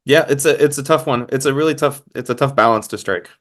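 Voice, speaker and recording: A man's voice: mid-range voice, quick pace, fairly bright tone. Easygoing male podcast host. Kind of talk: casual conversation.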